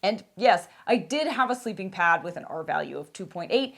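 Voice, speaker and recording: A woman's voice: lowish voice, expressive, brisk, vocal fry, fairly bright tone. A woman narrating a scripted outdoor gear review in a candid, wry, emphatic way.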